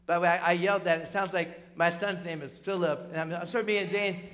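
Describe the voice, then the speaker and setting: A middle-aged man from New Jersey preaching a sermon in a conversational, animated way, full of asides and tag questions. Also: high-pitched, fast. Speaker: pastor.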